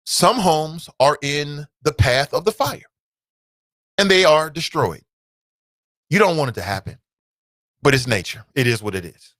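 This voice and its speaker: A man hosting a talk show, ranting bluntly with real heat and some cursing. His voice is bright and forceful, a little higher than most men's, and it sounds dry and close with almost no room echo. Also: expressive, a little slow, pauses often. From United States. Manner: blunt, fired-up ranting with swearing. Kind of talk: opinionated solo commentary.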